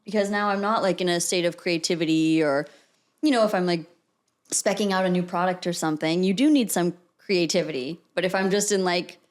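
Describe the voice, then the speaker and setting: Female guest from tech, calm and reflective, easygoing storyteller. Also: lowish voice, brisk. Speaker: podcast guest, tech professional. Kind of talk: casual chat.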